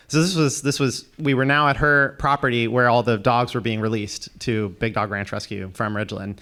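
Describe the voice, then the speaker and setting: A man's voice: mid-range voice, a bit bright, clean tone. A man speaking on a panel as an activist, rambling and hesitant, with many restarts. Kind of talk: casual panel talk.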